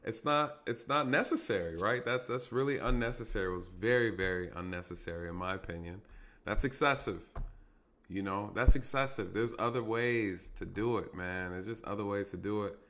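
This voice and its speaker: A man's voice: fairly low pitch, moderate pace, fairly bright tone. A man who is a police officer giving casual commentary on an arrest video, talking conversationally and often checking in with "right?" and "you guys".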